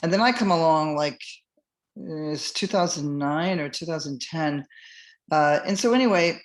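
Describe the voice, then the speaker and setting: A woman's voice: low voice, animated, unhurried. A middle-aged woman hosting a podcast, telling a personal story in a loose, rambling way, full of fillers and restarts and acting out what others said. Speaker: podcast host. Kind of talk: casual first-person storytelling.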